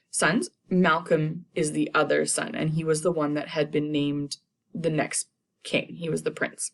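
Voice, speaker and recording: A young woman teacher casually summarizing a play for students, paraphrasing the characters in modern slang. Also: sits low.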